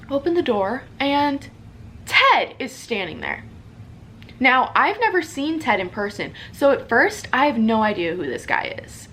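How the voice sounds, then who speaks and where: A young woman talks through a personal story in a loose, chatty vlog style. She fills her speech with "like" and "you know". Her voice sits a little high, with a faint background hum. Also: a bit bright. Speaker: social media creator. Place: at home in her apartment.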